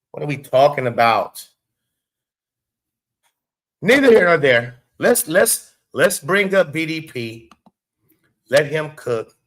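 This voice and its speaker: A man hosting a casual live stream, animated, swearing and talking back to his chat. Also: medium pitch. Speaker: show host.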